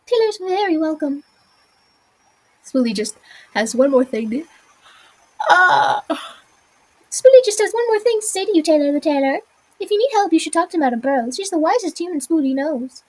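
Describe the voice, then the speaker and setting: A squeaky, bubbly little sewing creature, put on by a woman reading a game aloud. It chirps high and bright and keeps naming itself in the third person. The pitch sits well up in her range. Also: animated, moderate pace, long pauses, rough recording. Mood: chirpy.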